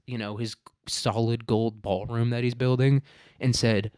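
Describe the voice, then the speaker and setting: A man's voice: mid-range voice, fairly even intonation, a little slow, a little mellow, clear, resonant tone, no echo, studio quality. Rambling, profane male podcast host. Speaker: show host. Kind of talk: casual political commentary podcast.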